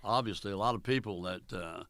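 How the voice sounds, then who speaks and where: Older man with a gravelly low voice. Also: fairly bright tone. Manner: folksy, unhurried, many fillers, quotes dialogue. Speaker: interviewee, former college basketball coach. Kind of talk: oral history storytelling.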